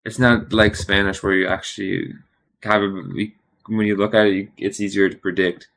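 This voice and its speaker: A man thinking aloud while studying, hesitant and questioning himself, often trailing off into a quiet mutter. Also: on the low side, flat delivery, normal speed, vocal fry. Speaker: streamer studying Italian.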